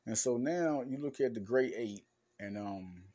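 A man hosting a solo sports podcast as a basketball analyst, talking in an animated, emphatic way with slangy phrasing and frequent stammered restarts. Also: mid-range voice, a little slow. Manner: informal slangy speech, addressing fans directly. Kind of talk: casual solo podcast talk.

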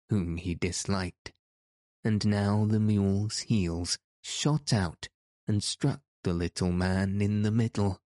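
A man reading a children's storybook aloud as narrator, in a measured, even way. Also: fairly low pitch, no echo, clean studio sound. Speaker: audiobook narrator. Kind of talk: scripted narration.

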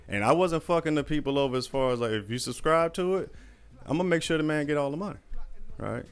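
A man's voice: medium pitch, a little fast, smooth, soft background music. Profane man telling a story. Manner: animated, profane, laughing often. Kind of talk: casual storytelling.

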